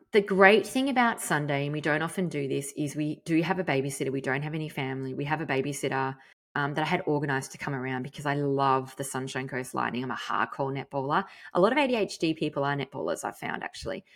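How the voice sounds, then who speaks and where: A woman's voice: low voice, fairly bright tone. An Australian woman hosting a podcast, telling a personal story in a chatty, candid way with the odd casual swear. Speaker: podcast host.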